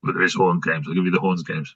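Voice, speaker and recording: Deep, husky Midlands man, dry delivery. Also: little pitch movement, fast talker, a bit bright, dry recording, muffled recording. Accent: English Midlands. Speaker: podcast co-host. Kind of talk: casual chat.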